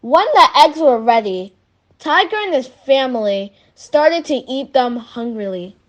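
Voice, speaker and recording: A woman reading a children's story aloud in a measured, lively way. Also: sits high, lo-fi sound.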